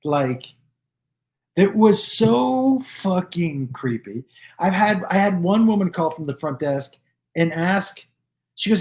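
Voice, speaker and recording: A man hosting his own live stream, telling stories casually to viewers and acting out the people in them with loose, profane, animated delivery. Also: fairly high pitch, unhurried. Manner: animated, acts out quoted dialogue with "I go" and "he goes"; loose and profane, with restarts and fillers.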